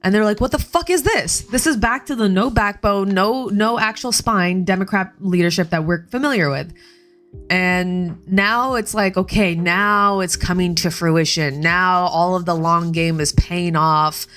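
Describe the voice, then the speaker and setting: Woman on her stream ranting bout politics, kinda low voice, swears a lot, faint music going behind her. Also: steady tone, a bit bright. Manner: heated, swearing, fast bursts of outrage. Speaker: livestream host. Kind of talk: casual political commentary stream. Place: home.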